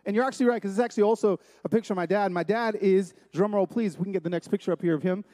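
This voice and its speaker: A man with a strikingly high voice preaches to a room full of listeners, telling stories emphatically and repeating his key points. His words ring out with a long hall reverb around them. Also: racing, warm tone. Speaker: speaker at a men's gathering. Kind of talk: sermon-style talk. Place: large room with a live audience.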